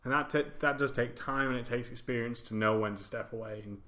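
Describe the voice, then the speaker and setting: A man's voice: mid-range voice, brisk, sharp tone. A man hosting a casual podcast discussion, chatty and informal with a self-deprecating touch. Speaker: podcast host.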